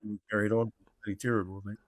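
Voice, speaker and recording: A man's voice: lowish voice, flat delivery, racing, dry recording, studio quality. A man in his fifties with a New Zealand accent, telling rambling rugby-tour anecdotes as a podcast guest and calling everyone mate. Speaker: guest, former rugby player. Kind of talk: casual storytelling.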